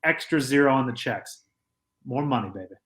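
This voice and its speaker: Measured man co-hosting a sports podcast. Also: mid-range voice, expressive. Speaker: podcast co-host. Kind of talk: casual sports chat. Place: podcast studio.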